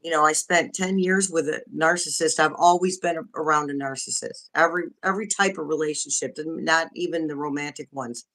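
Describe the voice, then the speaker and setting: A woman's voice: sits low, brisk, hardly any pauses, fairly bright tone. A woman joining a casual livestream chat by video call, speaking frankly and openly with frequent restarts. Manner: candid, frank, restarts often. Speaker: guest.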